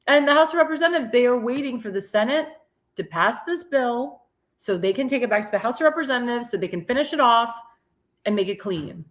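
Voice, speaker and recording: A woman's voice: fairly high pitch, fairly bright tone. Emphatic American woman hosting political talk. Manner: emphatic, repeats words, frequent fillers and restarts. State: tired. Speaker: talk show host. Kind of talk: political commentary monologue.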